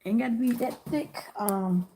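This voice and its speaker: Woman livestream host; chatty and easygoing, talks to viewers by name, a little high-pitched, soft crinkle of wrapping behind. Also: measured pace, noisy background. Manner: chatty, laughs often, addresses viewers by name. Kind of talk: casual livestream chat.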